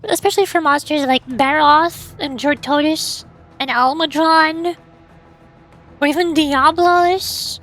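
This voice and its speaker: A woman's voice: high voice, slow, fairly bright tone, soft background music. A young woman streaming a game from home, chatting casually and bubbly, with lots of jokes and squeals.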